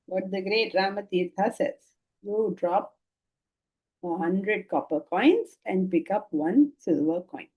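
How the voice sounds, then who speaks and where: An older woman with an Indian English accent giving a spiritual lecture on scripture, lively and full of rhetorical questions and laughter. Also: mid-range voice, slow pace, highs cut off. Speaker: Vedanta teacher.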